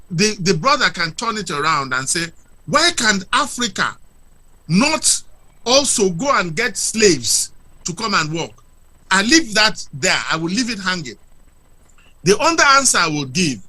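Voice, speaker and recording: Male guest, very bright and high, swooping pitch, lectures with rhetorical questions. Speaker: guest speaker. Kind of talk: impassioned argument on a talk show.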